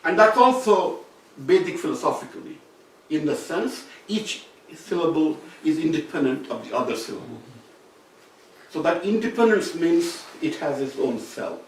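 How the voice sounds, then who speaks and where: A man's voice: on the high side, animated, normal speed, distant mic. Man lecturing in a very echoey room. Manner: explanatory, circling back to rephrase points. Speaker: seminar speaker. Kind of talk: academic lecture. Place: seminar room. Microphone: distant room mic.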